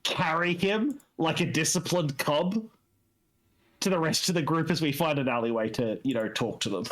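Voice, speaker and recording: A man's voice: fairly high pitch, normal speed, a bit bright. A man, a player at a tabletop game, chatting casually and swearing freely. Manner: swears freely, rambling asides.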